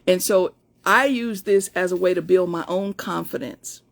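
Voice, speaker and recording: A woman coach chatting excitedly and directly with her followers during a live stream from home, and reading out her own pep talks. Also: fairly low pitch, normal speed, gravelly. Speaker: motivational coach. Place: at home, indoors.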